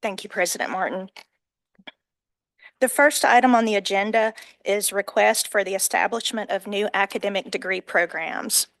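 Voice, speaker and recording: A woman presenting agenda items at a board meeting in a steady, formal read. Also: medium pitch, normal speed, gravelly, dry recording. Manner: steady, formal, reads items in full sentences. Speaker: academic affairs officer presenting agenda items.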